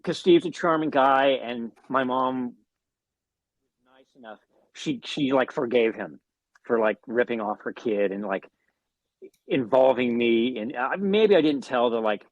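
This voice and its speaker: Here the same kind of guest musician speaks in a mid-range voice, a bit slow and full of pauses, over dry, dull audio. He wanders through a lengthy anecdote in a relaxed interview, cursing, using fillers, and starting over again and again.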